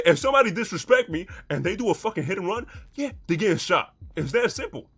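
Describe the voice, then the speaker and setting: A man's voice: high voice, animated, brisk, bright, forceful tone, husky. A man streaming a gang roleplay, arguing in profane street slang and defending himself. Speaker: streamer playing a gang member. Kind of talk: in-character roleplay argument.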